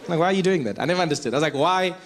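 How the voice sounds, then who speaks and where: A man from South Africa performing stand-up comedy with animated storytelling and shifting voices. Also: a little high, rapid-fire, slight background noise.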